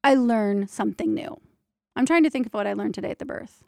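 A woman working as a doula, telling stories from her work in a lively, candid, casual monologue that slips in the odd mild swear. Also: mid-range voice, brisk, creaky, no room sound, studio quality. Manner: animated, candid, playful, drops mild swears. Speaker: doula and prenatal yoga teacher.

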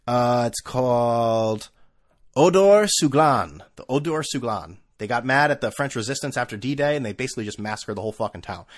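A man hosting his own podcast at home on a desk microphone, ranting casually with profanity and sarcasm, swinging between low mutters and loud outbursts. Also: lively intonation, normal speed. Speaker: podcast host. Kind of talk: casual solo podcast rant. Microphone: desk microphone with camera.

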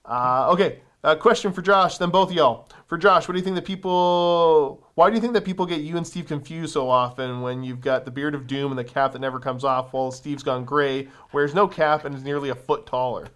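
A young man co-hosting a casual chat show, reading out viewer questions in a relaxed, drawling way with fillers. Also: a little high, fairly quick, few pauses.

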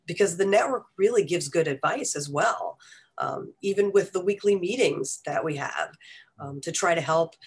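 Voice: medium pitch, slightly rough. An adult interview guest answering earnestly, with many um fillers. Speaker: union media guest being interviewed. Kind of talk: interview conversation.

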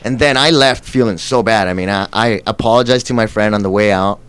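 A man guest in an interview, telling stories in a casual, animated way and acting out quoted lines. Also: fairly low pitch, fairly quick, clear, resonant tone. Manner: animated, acts out quotes with laughs. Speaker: actor guest.

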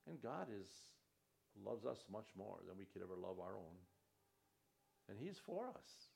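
Gravelly-voiced man preaching a sermon. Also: lowish voice, big pitch swings, measured pace, a little mellow. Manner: earnest preaching, reads scripture aloud with rising emphasis. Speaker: pastor.

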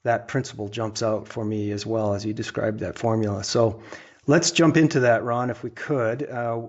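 A man's voice: lowish voice, steady tone, moderate pace. Man hosting a podcast, lo-fi sound. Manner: friendly, encouraging interviewer. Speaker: podcast host. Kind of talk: podcast interview. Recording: dull lo-fi sound.

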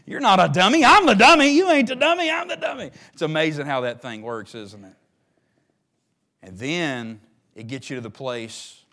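A man preaching a sermon as a pastor, talking conversationally and then building to loud, drawn-out exhortation. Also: mid-range voice.

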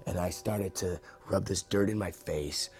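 A man with a low, deep voice tells behind-the-scenes stories in an interview. He is animated, acting out quick voices of the people around him as he goes. Faint music sits under him. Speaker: actor recalling a film shoot. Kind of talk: anecdotal interview.

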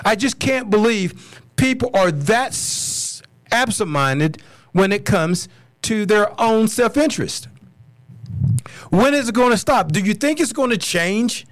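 A fired-up American man with a fairly high voice rants on his podcast, blunt and cursing, hammering the same words over and over. The sound is dry and close, with no room around it. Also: animated, a little slow, no echo. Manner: angry, blunt, swearing, repeats himself. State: furious. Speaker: podcast host. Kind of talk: solo political podcast rant.

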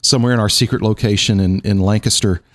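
A pastor hosting a relaxed podcast, his voice sitting on the low side. He is playful and bantering, often stumbling and restarting his sentences. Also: fast talker. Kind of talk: casual conversation.

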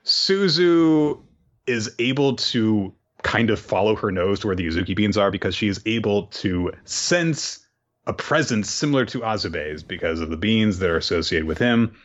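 A man's voice: on the low side, animated, moderate pace, highs cut off. A man casually recapping a story, chatty, with lots of fillers. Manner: chatty, filler-heavy retelling. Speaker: podcast host.

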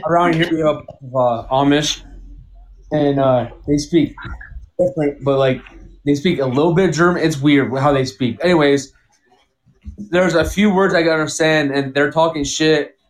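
A man's voice: fairly high pitch, moderate pace. A man who is a guest on a casual live chat, joking in a laid-back, profane way.

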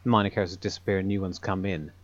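Man musing, slightly low voice. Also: fairly even intonation, racing, no echo, faint music behind. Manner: thinks aloud in long, self-correcting sentences. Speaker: podcast panelist. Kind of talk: casual chat. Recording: dull lo-fi sound.

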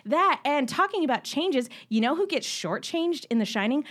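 High, animated woman debating. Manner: animated and quick to laugh, argumentative. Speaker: podcast debater. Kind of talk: casual debate chat.

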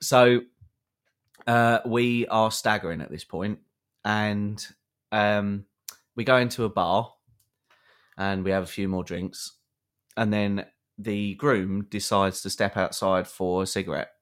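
Man, lowish voice, rambling comic anecdote, podcast host. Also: slow, pauses often, smooth. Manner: animated anecdote with many fillers and acted quotes. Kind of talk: storytelling to a co-host.

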